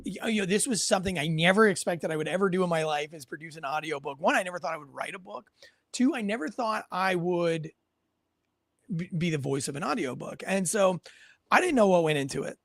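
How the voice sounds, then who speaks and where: A man's voice: high voice, animated, fairly quick, creaky, a bit bright, dry recording. A man hosting a podcast in a casual, rambling storytelling way, often restarting his sentences. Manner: rambling, self-correcting storyteller. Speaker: podcast host.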